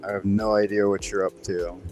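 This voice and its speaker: A man hosting a casual online voice chat, laid-back and mildly amused, trying to calm the others down. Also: fairly low pitch, brisk, soft background music. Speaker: host of a voice chat.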